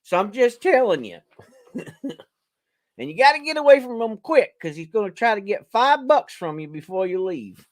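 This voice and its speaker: A man's voice: high voice, sing-song, moderate pace. A man, a preacher hosting a charity live stream from home, rambling and joking and laughing at his own lines. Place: home, indoors.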